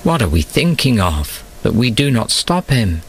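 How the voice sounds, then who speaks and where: A man's voice: mid-range voice, big pitch swings, moderate pace, slight background noise, pitched above the performer's own voice, lightly acted. A man voicing a group of jealous, scheming priests in an agitated, raised tone, in a storybook reading.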